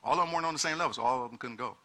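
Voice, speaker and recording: A man preaching a sermon in an animated way, repeating words and acting out the people he quotes. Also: medium pitch, racing.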